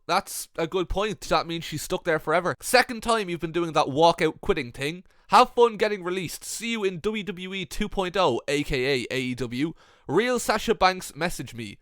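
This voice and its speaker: A man's voice: high-pitched, a little fast, dry recording, studio quality. Sarcastic young man reading comments. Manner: sarcastic, mocking, deadpan asides. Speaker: YouTube commentator.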